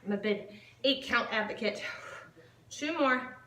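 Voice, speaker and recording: A woman's voice: on the high side, measured pace, bright, forceful tone, reverberant, distant mic. A woman fitness instructor leading a home workout, upbeat and counting reps aloud, a little out of breath as she exercises along. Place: home living room.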